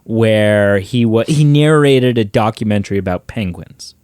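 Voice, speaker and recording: A man hosting a movie podcast, ranting in an exasperated, animated way in casual chat. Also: lowish voice, measured pace, smooth, no echo, studio quality. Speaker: podcast host.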